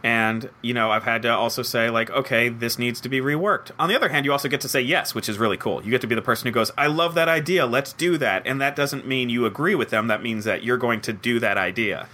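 A man's voice: mid-range voice, fast talker, few pauses. A young man, a comedy head writer, answering interview questions casually and acting out quoted voices. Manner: animated, acts out quoted voices, self-deprecating.

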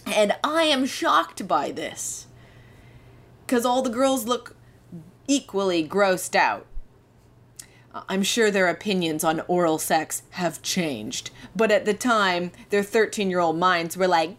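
A woman's voice: on the low side, slow pace, a bit bright. A young woman, hosting a podcast and telling a candid, self-deprecating personal story. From Canada. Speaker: podcast host.

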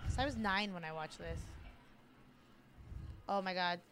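A young woman co-hosting a casual podcast, reacting to a movie as it plays, swearing freely and jumping in with quick remarks. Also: on the low side, fairly bright tone, slight background noise. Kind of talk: casual movie watch-along chat.

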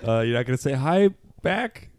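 A man's voice: mid-range voice, a little mellow, a little hiss or hum. A man hosting a comedy podcast, joking and laughing often in casual chat. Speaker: podcast host.

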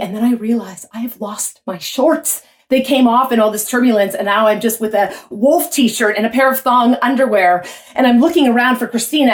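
Animated woman telling a story. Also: a little high. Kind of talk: live personal storytelling.

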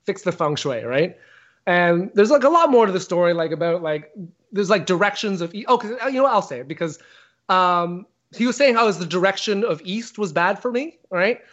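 Animated high-voiced man telling a story. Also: fairly quick. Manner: animated, profane, acts out quotes with big pitch jumps. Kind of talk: casual storytelling chat. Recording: dull lo-fi sound.

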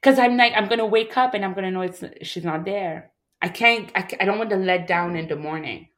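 A woman from Montreal in her thirties speaks as an interview guest in a mid-pitched voice. Her telling is candid and emotional, full of false starts and restarted sentences. She often slips into the voices of the people she quotes. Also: brisk, fairly bright tone. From Montreal, Canada. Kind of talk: candid personal storytelling.

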